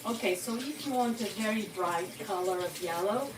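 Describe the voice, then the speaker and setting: In her home kitchen, a cooking vlogger with a Portuguese accent demonstrates a recipe while chatting casually to viewers. She makes warm asides and frequently checks in with "okay?", speaking at a moderate pace in a medium-pitched voice over some background noise.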